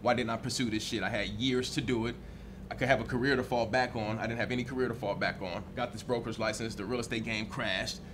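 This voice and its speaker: A man's voice: mid-range voice, fairly even intonation, fast talker, background noise. A man, a teacher, speaking candidly in a reflective interview with casual swearing.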